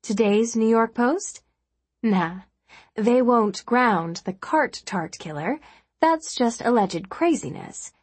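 Woman doing a no-nonsense lawyer lady, blunt, scolds ya, bit breathy. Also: on the high side, animated, slow, dry recording, pitched above the performer's own voice, exaggerated voice. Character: blunt, sharp-tongued adult woman lawyer.

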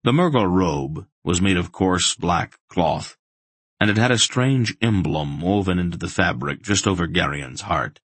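A man reading a fantasy audiobook in steady, measured scripted narration. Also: deep voice, slightly rough, dry recording.

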